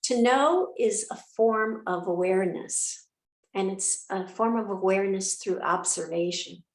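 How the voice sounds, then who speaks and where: Woman yoga teacher, calm guided breathing, very slow delivery, echoey room. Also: mid-range voice. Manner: calm, unhurried, with soft pauses and fillers.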